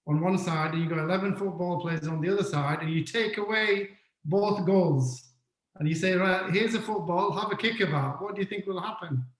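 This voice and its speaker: Male webinar speaker, fairly high voice, interactive lecturer who repeats key points; echoey room. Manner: questions the audience often, repeats key points.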